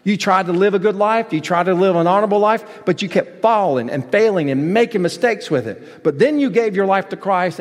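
Male preacher, emphatic sermon delivery, higher-pitched, recorded in a reverberant church hall. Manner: emphatic preaching with rising shouts and soft asides. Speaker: pastor. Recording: long reverb of a large hall.

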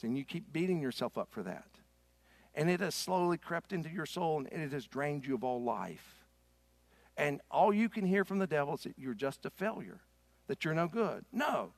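A man pastor preaching a sermon, rising to loud, forceful stretches and dropping to soft, slow ones. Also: on the high side, dry recording.

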